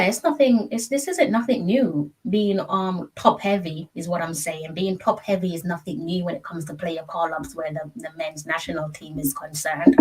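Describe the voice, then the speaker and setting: A woman co-hosting a casual sports chat, making her case in a measured, argumentative way. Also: lowish voice, slightly rough, far from the mic. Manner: measured, argumentative, explains her point at length. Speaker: co-host.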